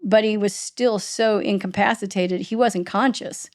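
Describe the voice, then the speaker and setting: A middle-aged woman, a podcast host being interviewed, recounting a painful family loss in a halting, emotional way. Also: mid-range voice, steady tone. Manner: halting, restarts and voice breaking with emotion. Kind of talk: emotional personal storytelling in an interview.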